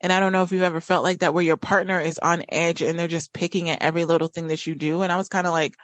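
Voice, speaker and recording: A woman hosts a podcast and talks through a personal story in a loose, chatty way, full of fillers and restarts. Her voice sits a little low for a woman. The sound is dry and close. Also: flat delivery, quick pace, no echo. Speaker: podcast host.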